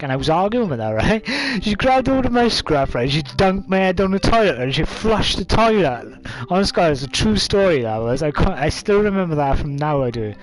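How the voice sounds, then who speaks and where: A man's voice: on the high side, big pitch swings, fairly quick, hardly any pauses, faint music behind. A man of twenty-five, telling a story casually to camera with lots of fillers. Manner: rambling, many fillers, coughs and laughs.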